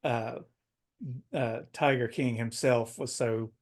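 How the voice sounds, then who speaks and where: Male panelist, relaxed and a little hesitant, mid-pitched voice. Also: slow pace. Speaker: panelist on a wrestling talk show. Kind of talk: casual chat.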